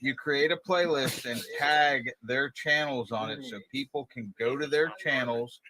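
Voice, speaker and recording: A man's voice: medium pitch, measured pace, sharp tone, low-quality recording. A man hosting a casual live-stream chat, explaining plans in a rambling way and repeating phrases. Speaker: show host.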